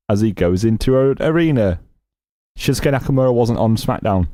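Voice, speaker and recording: A man's voice: medium pitch, animated, moderate pace, warm tone, dry recording, studio quality. A man co-hosting a podcast, chatting casually with jokes and puns. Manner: jokey, punning, teasing. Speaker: podcast co-host. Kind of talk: casual chat.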